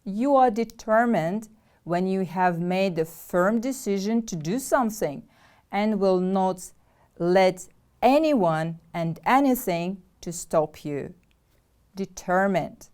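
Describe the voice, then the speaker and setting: A woman teacher from Kyrgyzstan with a Kyrgyz accent, giving a deliberate English vocabulary lesson and having pupils repeat words after her. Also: mid-range voice, lively intonation, darkish tone. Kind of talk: slow, clear classroom instruction.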